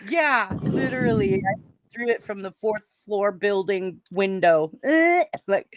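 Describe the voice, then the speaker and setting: A woman's voice: mid-range voice, lively intonation, measured pace, a loud crowd. A woman hosting a casual chat, telling a story with laughter and acting out the lines she quotes. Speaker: stream host.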